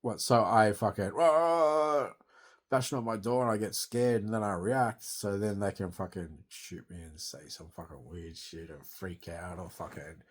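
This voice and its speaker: A man's voice: on the low side, unhurried, breathy edge. A young Australian man in distress, grieving and venting in a rambling, sweary monologue into his phone.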